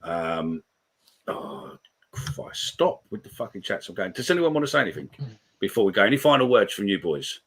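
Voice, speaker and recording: A man's voice: fairly low pitch, sing-song, normal speed, fairly bright tone, slightly rough. A man, hosting a live call-in podcast, swearing freely as he reads out comments. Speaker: podcast host.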